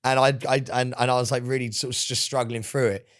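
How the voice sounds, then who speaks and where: A man's voice: mid-range voice, level tone, quick pace, clear, resonant tone. A man co-hosting a podcast, telling a rambling story in casual chat, laughing and swearing often. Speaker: podcast co-host.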